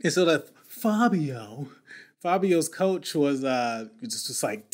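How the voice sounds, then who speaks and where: Male podcast host, a touch high-pitched, in casual story mode with lots of restarts. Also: takes it slowly. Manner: animated, slangy, repeats and restarts words.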